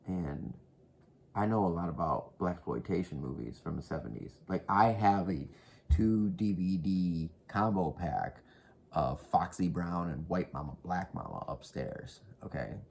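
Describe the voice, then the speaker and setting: A man's voice: low-pitched, gravelly. A man casually rambling through horror movie recommendations, profane and half-whispered, talking close to the mic at home. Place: indoors at home.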